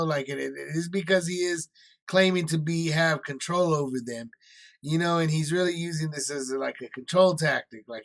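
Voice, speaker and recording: A man's voice: fairly high pitch, vocal fry, fairly bright tone. A man leading a casual Bible study, explaining scripture in everyday words with lots of fillers.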